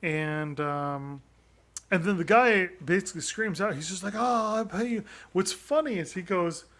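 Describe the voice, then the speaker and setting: A man chatting casually on a podcast, his voice pitched a little higher than most men's. He rambles along, stumbling through restarts and fillers as he talks. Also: lively intonation, normal speed, a bit bright. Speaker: podcast co-host. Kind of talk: casual chat.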